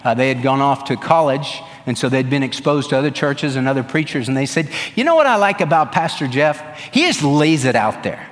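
A man's voice: medium pitch, animated, fairly quick, hardly any pauses. Earnest preaching man in a reverberant hall. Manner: earnest, emphatic preaching with repeated phrases. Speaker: pastor. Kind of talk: sermon.

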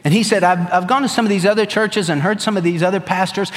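A man's voice: sits high, quick pace, few pauses, a bit bright, big-room sound. A man preaching a sermon as pastor, earnest and emphatic, repeating his phrases.

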